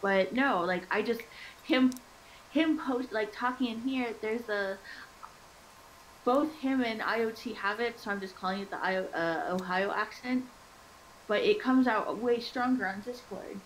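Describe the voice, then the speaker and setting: Chatty woman, slightly high voice. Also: a little slow, a little hiss or hum, rough recording. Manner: chatty, rambling with fillers. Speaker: stream host. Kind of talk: casual chat.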